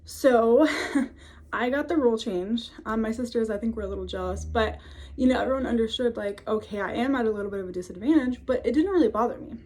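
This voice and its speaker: A woman's voice: on the high side, a little fast, a little mellow. A woman of twenty-five, telling a personal story to camera in a casual, chatty way from her home office. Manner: chatty, many fillers, laughs often. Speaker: vlogger.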